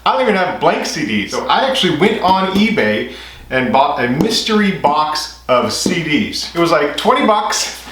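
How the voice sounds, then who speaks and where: A man, a resin maker, chatting casually and enthusiastically to camera, thinking out loud as he works in his home workshop. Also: on the high side, sing-song, normal speed. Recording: echoey workshop with loud machine noise.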